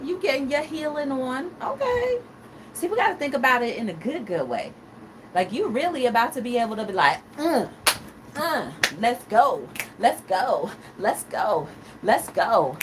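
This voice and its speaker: Woman host, lively and high-pitched, unhurried, playful live chat over steady background noise. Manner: animated, playful, dramatic exclamations. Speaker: talk show host reading live chat. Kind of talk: casual live-stream chat.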